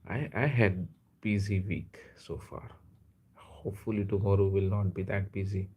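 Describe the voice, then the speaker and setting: A man from India hosting a casual live stream, chatting in a rambling way and often pausing to hesitate and correct himself. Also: low voice, steady tone, warm tone, breathy edge. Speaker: livestream host.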